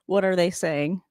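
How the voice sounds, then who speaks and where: At home, a woman hosts a casual live stream, reacting to a game on TV in a loose, rambling way and laughing often. Her voice is lowish and a little mellow, sounding dry and close with no room echo.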